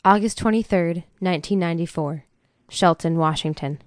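Low-voiced woman narrating an audiobook. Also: moderate pace, dry recording, clean studio sound. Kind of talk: scripted narration.

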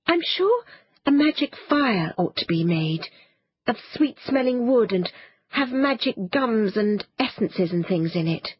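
A woman voicing an eager young girl in an audiobook, talking high and quick. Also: sing-song, breathy edge, no echo, heavily acted. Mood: excited. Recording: dull, muffled dry studio sound.

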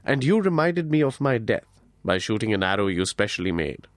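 A serene divine lord speaks gently and calmly, consoling the listener, as a man voices him in an audiobook. His voice sits fairly low and stays measured and soothing. The recording is dry and close-miked. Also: no echo. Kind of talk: audiobook character voice.

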